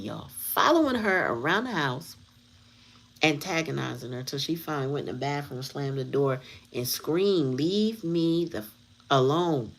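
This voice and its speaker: A woman with a low-pitched, slightly rough voice hosts her tarot channel, chatting casually on a livestream and telling a story bluntly and candidly with plenty of slang. The recording quality is low.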